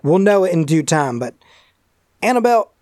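A man's voice: high voice, big pitch swings, a little mellow, no echo, clean studio sound. A man voicing an earnest male doctor who leads an occult investigation, speaking in a put-on accent and often restarting his sentences. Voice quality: halting, restarts mid-sentence.

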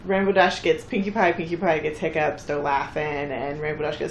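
Recapping a cartoon episode on a casual podcast, a woman co-host talks fairly quickly with little pitch movement overall, except for the bursts she uses when acting out characters' lines. She's chatty throughout. The recording is reverberant with slight background noise.

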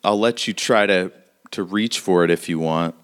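A man acts as game master for a tabletop game, narrating combat in a casual, vivid way with plenty of fillers. His voice is smooth and clear and sits fairly low. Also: moderate pace, a bit bright.

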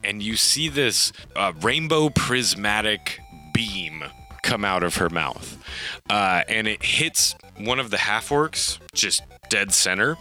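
A man's voice: fairly low pitch, animated, takes it slowly, sharp tone, faint music behind. A man narrating a tabletop game as game master, loosely, with frequent fillers and laughs.

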